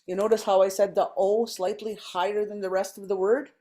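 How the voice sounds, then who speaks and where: A woman teaching a language class over a video call, explaining step by step with frequent pauses and ums. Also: mid-range voice, flat delivery, dark tone.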